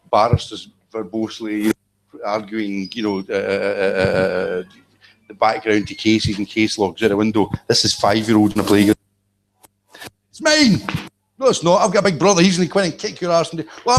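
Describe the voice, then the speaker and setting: Bloke lecturing a live crowd, blunt, sweary, hammering points home. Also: male voice, lowish voice. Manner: blunt, emphatic, profane asides. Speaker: speaker at a live event. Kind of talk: live lecture-style talk. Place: event room with an audience.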